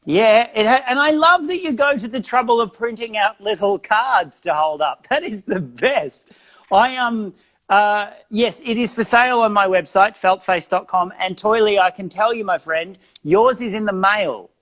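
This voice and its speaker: A man's voice: high voice, normal speed, a bit bright. A man doing a wry Australian felt puppet comedian. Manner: dry, self-deprecating banter with rambling asides. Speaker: guest comedian.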